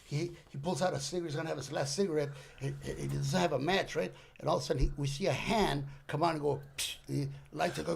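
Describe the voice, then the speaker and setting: High gravelly older man spinning a yarn. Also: fast, few pauses, a little hiss or hum. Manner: animated storyteller who acts out characters and mixes in Spanish slang. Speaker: guest comedian. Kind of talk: comic storytelling on a podcast.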